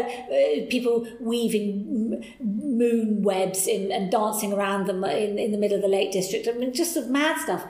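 A woman guest telling stories from her career in a lively, animated way. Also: medium pitch, roomy sound, rough recording. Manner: lively, animated storyteller, voices people in quotes. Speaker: podcast guest. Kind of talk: candid interview storytelling.

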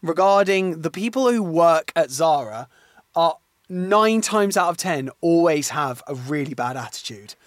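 A man's voice: fairly high pitch, animated, a little slow, dry recording. A young man co-hosting a podcast, chatting casually with rambling stories and easy laughs. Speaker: podcast co-host. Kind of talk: casual chat.

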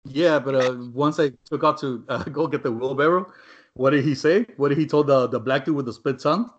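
A young man tells a story to his friends, rambling and swearing freely. He tags his sentences with "man" and "right?", and his mid-pitched voice comes through a dull, lo-fi recording. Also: fairly quick. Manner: rambling, profane, many fillers like "man" and "right?". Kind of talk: casual storytelling among friends.

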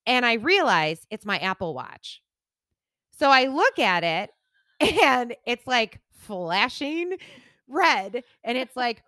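A woman in her forties co-hosting a podcast, telling a story with a bright, lively voice that swoops up and down. She acts out every quote and swears freely, and the recording is dry and close. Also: on the high side, slow pace, no room sound. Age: 40s. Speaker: podcast co-host. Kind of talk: casual chat.

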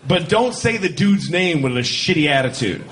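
A man's voice: a little high, expressive, normal speed, background noise. A man performing a stand-up comedy routine, telling a story in a jokey, irreverent way and acting out voices. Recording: live show with loud audience laughter. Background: crowd laughing.

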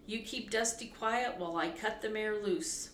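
A woman voicing a calm adult cowboy who gives low, steady instructions, in a storybook reading with a roomy echo. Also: normal speed, distant mic, natural voice. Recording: roomy echo, faint background hum.

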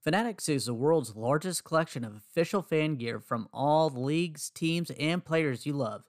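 A man's voice: fairly high pitch, lively intonation, normal speed. A man co-hosting a sports podcast who also reads the sponsor ad. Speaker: podcast co-host. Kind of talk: casual podcast chat and ad read.

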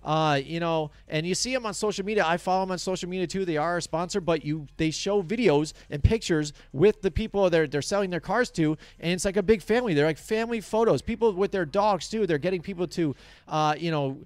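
A man's voice: high voice, fairly quick, clear, resonant tone, no echo. A man co-hosting a casual sports talk show, rambling energetically through a sponsor read with lots of fillers. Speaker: sports podcast co-host.

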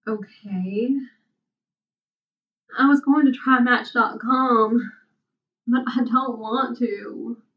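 Remorseful, blunt young woman read by a woman, earnest, a little higher than the narration, distant lo-fi sound. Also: very slow, pauses often. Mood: anxious. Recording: distant, dull lo-fi mic.

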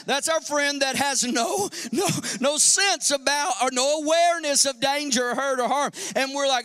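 Man, pastor, sermon, animated, rhetorical questions, very high voice, long hall reverb. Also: moderate pace.

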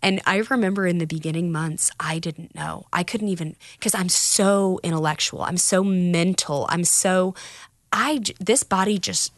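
A woman's voice: on the low side, normal speed, no echo, clean studio sound. A woman talking candidly about recovery in a casual podcast chat, telling stories with quoted voices.

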